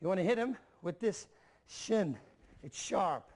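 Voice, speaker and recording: A man with a high speaking voice walks students through kicking drills. He coaches in a direct, repetitive way and counts each step as he demonstrates. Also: animated, unhurried, darkish tone. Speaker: MMA instructor. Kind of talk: instructional video demonstration.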